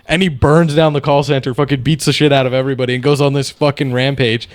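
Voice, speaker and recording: A man's voice: medium pitch, steady tone, brisk, dry recording. A young man co-hosting a podcast, chatting casually and telling stories in a loose, profane, rambling way. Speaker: podcast co-host.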